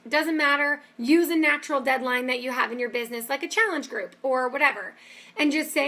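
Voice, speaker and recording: A woman's voice: high voice, a little fast, pushed and bright. A woman giving an upbeat, emphatic motivational training talk as a business coach. She keeps checking in with her listeners with "okay?".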